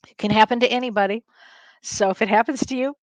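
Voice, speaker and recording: A woman's voice: a little high, fast talker, no room sound. An older woman hosting a casual livestream as a spiritual medium, telling stories with frequent laughter and rambling restarts. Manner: chatty storyteller, laughs often, rambling restarts. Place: home livestream. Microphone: webcam or streaming mic.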